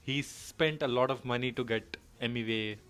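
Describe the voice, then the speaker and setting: A man's voice: mid-range voice, normal speed, a bit bright, clear, resonant tone, faint music behind. A man giving casual reaction commentary, thinking aloud and mixing English with Hindi as he explains lines. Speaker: reaction video host.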